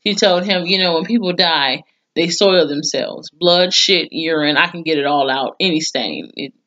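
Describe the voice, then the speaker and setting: A woman's voice: low voice, normal speed, sharp tone, dull audio. A woman giving a blunt, chatty recap of a TV episode, swearing freely and reacting with mock disgust. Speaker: TV episode reviewer. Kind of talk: casual spoken recap.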